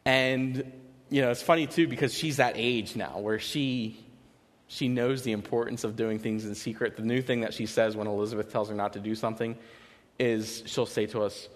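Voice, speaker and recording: Male pastor, mid-pitched, chatty storytelling sermon full of fillers, long hall reverb. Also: steady tone, normal speed. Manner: informal, storytelling, frequent "you know" fillers and restarts. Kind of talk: conversational sermon.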